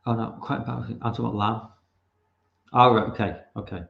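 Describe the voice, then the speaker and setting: A man with a Liverpool accent talks with a gravelly, fry-laden voice, rambling and swearing freely as he chats over a film. The sound is roomy and a bit dull, like lo-fi stream audio in an echoey room. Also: medium pitch, steady tone, a little fast. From Liverpool, England. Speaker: live stream host. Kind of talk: casual live film commentary.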